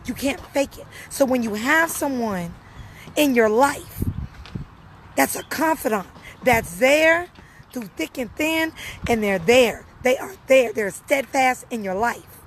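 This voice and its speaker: A woman's voice: a little high, lively intonation, slow pace, slight background noise, rough recording. A young woman speaking casually and earnestly to her viewers, repeating phrases for emphasis. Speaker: live streamer answering viewers. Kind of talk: casual personal talk.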